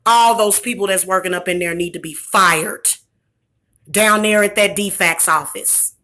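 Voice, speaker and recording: A woman venting angrily in a profane vlog rant, with bursts of shouting. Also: mid-range voice, measured pace. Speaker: vlogger. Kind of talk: angry ranting vlog.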